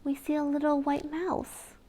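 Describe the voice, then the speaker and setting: A woman reading a picture book aloud to young children in a gentle, sing-song way, with little gasps and questions to the listener. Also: high voice, flat delivery, measured pace.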